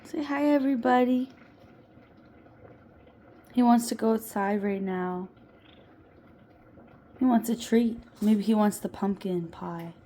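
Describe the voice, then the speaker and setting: A woman's voice: a little high, takes it slowly, long pauses, warm tone, a little hiss or hum. A woman vlogging from her home kitchen while baking, chatty and playful, laughing often. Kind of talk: casual kitchen vlog.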